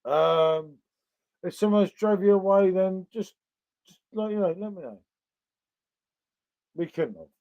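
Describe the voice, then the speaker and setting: A man's voice: high voice, lively intonation, unhurried, long pauses. A man hosting a live beer review stream, chatting jokily with viewers and calling everyone mate. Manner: jokey, matey. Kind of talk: casual live-stream chat. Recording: lo-fi dull live-stream audio.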